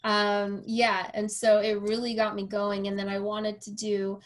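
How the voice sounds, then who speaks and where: A woman host tells her story in a relaxed, chatty way. She acts out the quoted lines with plenty of ums and likes. Her voice sits at an ordinary middle pitch. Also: measured pace. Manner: animated, acts out quoted dialogue, frequent fillers. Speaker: podcast host and personal trainer. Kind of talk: casual storytelling conversation.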